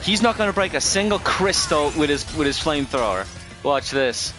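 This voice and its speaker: A man's voice: on the high side, expressive, moderate pace, music in the background. A man streaming a game, rambling through casual commentary with frequent swearing and self-corrections.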